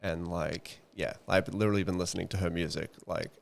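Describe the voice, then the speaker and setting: A young man rattles through podcast stories at speed. His voice sits very low with a gravelly fry. He is chatty and swears freely. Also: steady tone, fairly quick. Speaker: podcast co-host. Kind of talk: casual chat.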